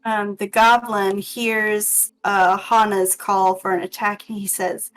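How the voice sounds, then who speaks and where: A woman narrating as game master of a tabletop game, hesitant and full of pauses. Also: mid-range voice, level tone, a bit bright, soft background music, low-quality recording. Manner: slow and hesitant, with many ums. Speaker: dungeon master.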